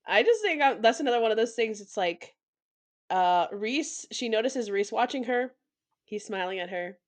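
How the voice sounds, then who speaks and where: A woman's voice: a little high, moderate pace. A woman co-hosting a book podcast, chatting casually and reading passages aloud between her notes. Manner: relaxed, reads passages aloud, trails off. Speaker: podcast co-host. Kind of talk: casual book-club chat.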